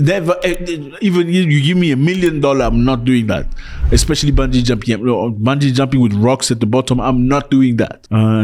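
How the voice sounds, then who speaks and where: A man from Africa giving reaction commentary in an animated, joking way, his voice leaping high for emphasis.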